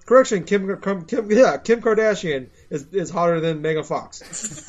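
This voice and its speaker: A man's voice: high-pitched, moderate pace. A man co-hosting a casual podcast, mocking things with sing-song repetition. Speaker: podcast co-host. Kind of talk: casual chat.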